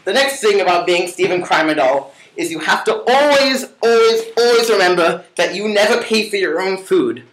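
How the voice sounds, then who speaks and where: A man's voice: high voice, animated, moderate pace, hardly any pauses, a bit bright. Young man doing his cocky roommate, echoey room. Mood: mocking. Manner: mocking, boastful, repeats a catchphrase. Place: room at home.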